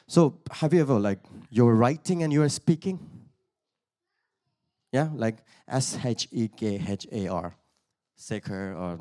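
A man delivering a sermon as personal testimony, his voice sitting at a middle pitch. He talks casually, drifts through asides and chuckles, then builds into forceful, repeated questions and declarations aimed at the congregation. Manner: conversational storytelling that builds to emphatic exhortation; laughs often between sentences. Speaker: preacher giving testimony.

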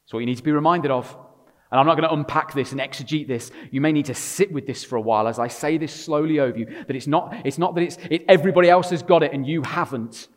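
A male preacher delivers his sermon in a church, his medium-pitched voice trailing a long reverb through the large room. He moves from loud, emphatic declarations to hushed, intimate storytelling, with the occasional wry aside to the congregation. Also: quick pace. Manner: swings between loud emphatic passages and quiet intimate storytelling.

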